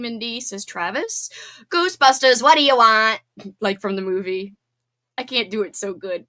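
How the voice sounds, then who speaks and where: A woman's voice: medium pitch, fairly bright tone. A woman hosting a casual livestream from home, chatting bubbly and reading out viewer comments. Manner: bubbly and chatty, quick laughs and squeals. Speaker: livestream host.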